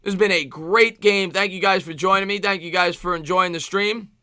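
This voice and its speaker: A man with a New York accent streaming live play-by-play football commentary, excitable, with rhyming calls and thanks to chat viewers. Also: high-pitched, a little fast, no room sound, clean studio sound. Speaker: sports streamer.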